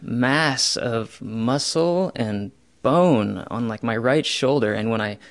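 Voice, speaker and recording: Young male storyteller, mid-pitched, self-mocking, bursts loud when recounting his panic. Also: expressive, slow pace. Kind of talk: first-person true story.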